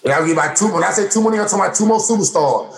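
Man, slightly high voice, animated sports rant, echoey room. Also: very fast. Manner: animated, repetitive, mock-quoting others in a raised voice. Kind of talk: casual sports banter.

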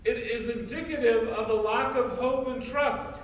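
A male priest preaches a sermon in a church, emphatic and full of repeated rhetorical questions. His very high voice holds a steady tone at normal speed, captured from far off in an echoey church with a little hiss or hum.

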